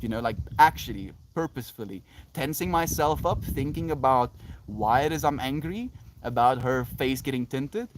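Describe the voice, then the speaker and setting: A man's voice: medium pitch, slight background noise. A South African man musing dreamily as a live streamer, reading chat comments and laughing often.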